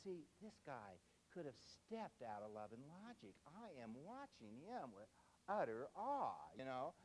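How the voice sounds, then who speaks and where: A man's voice: medium pitch, wildly swooping pitch, measured pace, a little hiss or hum, poor audio. Folksy older man telling a story. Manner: folksy, tags points with "see?". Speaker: parenting speaker. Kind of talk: humorous lecture storytelling.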